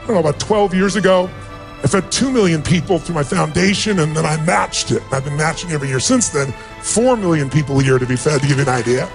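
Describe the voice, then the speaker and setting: Over music, a middle-aged man gives a motivational speech in a fairly high, creaky voice, talking quickly. He shares a personal story with emotion, building to emphatic high points.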